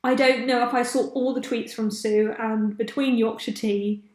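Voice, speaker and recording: A woman's voice: on the high side, fairly even intonation, normal speed, darkish tone. A young woman hosting a podcast in a chatty, casual way, laughing often. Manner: chatty, laughs often, loses track of names. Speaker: podcast host. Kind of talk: casual chat. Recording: echoey room.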